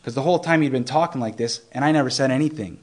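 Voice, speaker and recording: A young male preacher gives an informal Bible teaching in a medium-pitched voice. He sounds earnest and conversational, frequently restarting phrases and slowing down to emphasize scripture.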